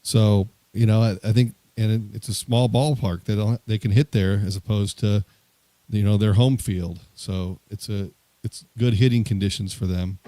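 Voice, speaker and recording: A man co-hosting a casual sports talk stream, talking through the team in a measured way with some fillers. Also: on the low side, steady tone, warm tone, no room sound. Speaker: sports show co-host.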